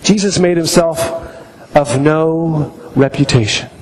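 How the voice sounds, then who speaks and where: A man's voice: fairly high pitch, slow pace, darkish tone. A man preaching a sermon, emphatic, often repeating his key phrases. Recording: echoey hall, faint background noise.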